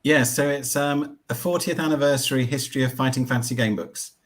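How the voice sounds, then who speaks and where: A man's voice: medium pitch, fairly even intonation, a little fast. A man, a guest author on a live stream, explaining his project in a plain, matter-of-fact way. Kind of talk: casual live-stream chat.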